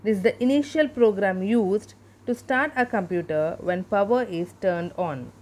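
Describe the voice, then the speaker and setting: A woman's voice: medium pitch, darkish tone. Woman teacher, mid-range voice, patient lecture that spells out every abbreviation. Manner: explains terms slowly, spells out abbreviations. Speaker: school teacher. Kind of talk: classroom lecture over slides.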